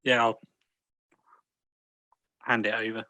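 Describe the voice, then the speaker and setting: A man's voice: on the low side, monotone, slow pace, bright, forceful tone, no echo. A man playing a tabletop game, matter-of-fact in his turns. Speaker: player. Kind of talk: casual tabletop play.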